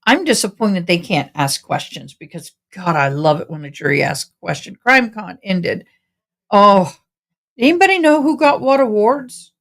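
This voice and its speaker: A woman's voice: mid-range voice, animated, normal speed, fairly bright tone. A tired woman, chatting casually and rambling to viewers on a home livestream. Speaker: livestream host commenting on a trial.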